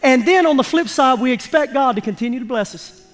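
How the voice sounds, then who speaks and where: A man's voice: extremely high pitch, lively intonation, brisk. A man preaching a sermon to his congregation, emphatic and folksy, drawing responses from the listeners. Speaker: pastor. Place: church sanctuary. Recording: long reverb of a large church hall.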